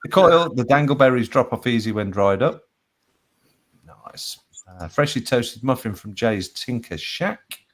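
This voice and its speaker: Live-show host, man, reads each caption aloud and chuckles along, mid-pitched. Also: lively intonation, measured pace. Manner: laughs often between readings.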